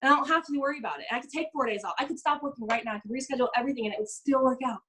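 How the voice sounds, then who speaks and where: A young woman coaching a live online group, telling stories in an animated way and acting out the people she quotes. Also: high voice, rough recording. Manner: fast, bubbly, animated storytelling with quoted voices. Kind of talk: live business coaching session.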